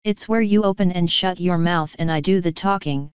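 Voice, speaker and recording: A woman voicing a sly, scheming male tomcat in an audiobook, wheedling and talking in quick asides. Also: lowish voice, clear, resonant tone, no room sound, dull audio, natural voice. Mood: grumbling. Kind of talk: audiobook character voice.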